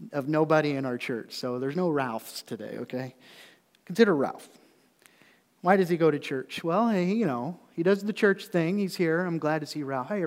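A man's voice: fairly high pitch, big-room sound. A man preaching a conversational sermon to his congregation in a church, his voice rising in emphatic peaks. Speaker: pastor. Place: church sanctuary.

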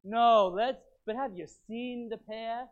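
A man's voice: very high voice, steady tone, takes it slowly, pitched above the performer's own voice. A man voicing a sly male serpent tempting with wheedling questions. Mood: coaxing. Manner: coaxing, wheedling. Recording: tinny phone-like sound.

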